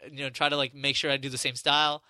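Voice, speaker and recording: Bright, animated young man telling a story. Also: medium pitch, quick pace, no room sound. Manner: animated, acts out quotes, swears freely. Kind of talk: casual chat, storytelling.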